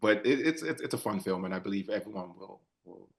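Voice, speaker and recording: A man who grew up in England and Nigeria, an actor talking about his villain role in a relaxed, soft-spoken way, often repeating words. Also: low-pitched, quick pace, gravelly. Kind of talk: press junket interview.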